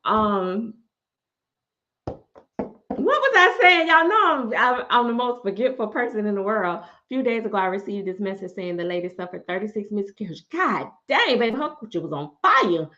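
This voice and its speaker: Sassy, animated woman livestreaming. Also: fairly high pitch. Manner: sassy, animated, laughs often, calls viewers baby and y'all. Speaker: livestream host. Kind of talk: casual livestream chat with viewers. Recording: dull lo-fi livestream audio.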